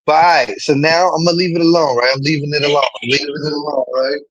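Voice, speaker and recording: A man, chatting casually to a live stream audience in an animated, rambling way, swearing often. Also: on the high side, fast, no room sound, dull audio.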